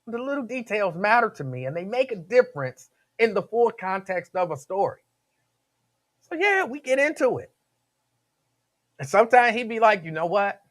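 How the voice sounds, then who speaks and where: A man's voice: sits high, very animated, normal speed, long pauses, fairly bright tone. A man hosting a radio talk show, chatting casually with listeners, laughing often and repeating himself.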